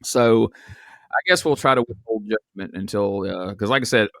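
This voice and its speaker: A podcast host, chatting casually and telling stories with laughs. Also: male voice, lowish voice, moderate pace, fairly bright tone, no echo, studio quality. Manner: storytelling, laughs, swears casually. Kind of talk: casual chat.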